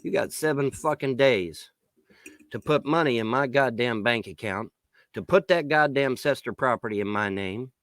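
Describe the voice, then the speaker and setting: A man rants to the camera, cursing hard and taunting his critics with repeated mocking questions. His voice sits at an ordinary middle pitch and sounds dry and close, with no room echo. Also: normal speed. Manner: swearing, taunting, shouting in bursts. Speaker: vlogger. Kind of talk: angry profane rant to camera.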